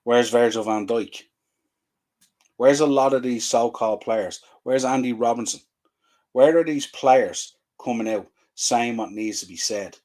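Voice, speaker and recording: In a medium-pitched, darkish voice, this fan show host vents his frustration at an unhurried pace. He keeps repeating rhetorical questions, sounding thoroughly exasperated.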